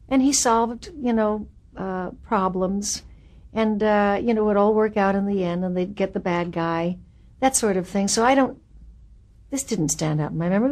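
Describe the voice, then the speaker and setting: An older woman in her seventies, telling stories from her acting days in an interview. She talks in a candid, wry way and throws in lively asides. Her voice sits at an ordinary middle pitch. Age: 70s. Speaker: actress interviewed about her career. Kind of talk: reminiscing interview.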